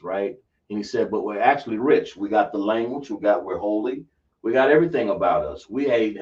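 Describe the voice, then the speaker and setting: A man teaching a religious class, emphatic and quizzing his listeners with rhetorical questions. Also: on the low side. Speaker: religious instructor. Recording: dull, distant lo-fi recording.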